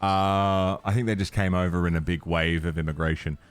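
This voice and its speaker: A man's voice: deep voice, steady tone, a little fast, clean tone, no echo, soft background music. An Australian man chatting casually on a game stream, swearing freely, laughing often and rambling with restarts. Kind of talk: casual stream chat while gaming.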